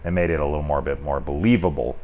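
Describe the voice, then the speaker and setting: A man with a deep, low voice talks through a movie in a loose, unscripted review. He rambles and restarts, peppers his talk with "like," and swears casually as he goes. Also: fairly even intonation, quick pace, mellow, a little hiss or hum. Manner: rambling, loose and candid with frequent swearing and filler "like". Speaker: film reviewer. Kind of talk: casual spoken film review.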